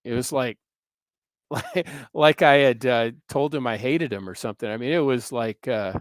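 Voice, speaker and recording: Smooth-voiced man in his sixties. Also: mid-range voice, normal speed, no echo. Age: 60s. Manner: earnest, rambling anecdote with frequent hesitations. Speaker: guest, history professor and author. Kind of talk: casual interview storytelling.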